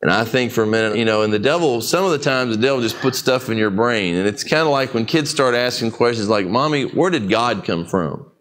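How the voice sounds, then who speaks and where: A man's voice: mid-range voice, quick pace, hardly any pauses, fairly bright tone. A man preaching a sermon in a folksy, conversational way, telling stories to his listeners. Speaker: pastor. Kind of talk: sermon storytelling.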